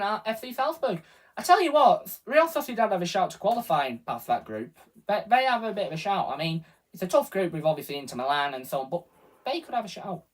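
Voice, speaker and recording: A man giving rambling live reaction commentary as a football fan streamer, often correcting himself. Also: fairly high pitch. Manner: rambling, self-correcting, partisan fan talk.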